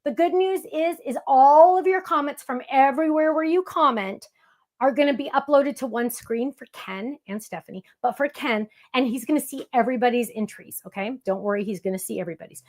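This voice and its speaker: A woman with a high voice hosts a live-streamed craft demonstration. She keeps up a chatty, playful patter with her viewers in the chat while she works at her table. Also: a little fast. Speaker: crafting show host.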